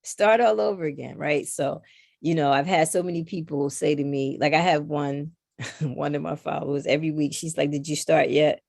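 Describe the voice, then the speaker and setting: A middle-aged woman with a low, gravelly voice talks casually as a podcast guest. She tells animated stories and jumps into other people's lines as she goes. The sound is dry and close, with no room around it. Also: normal speed, dry recording. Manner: animated storyteller who acts out others' lines. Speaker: podcast guest, knitting designer. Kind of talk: casual conversation.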